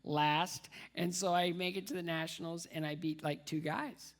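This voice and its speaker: A man speaks as a dinner guest with a gravelly, slightly rough edge to his voice. He tells his story with self-deprecating humor and sharp comic timing, leaning on repetition for laughs. He also slips into the voices of the people he quotes. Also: fairly high pitch, fairly even intonation, normal speed. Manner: acts out quoted voices of others. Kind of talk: humorous personal storytelling speech.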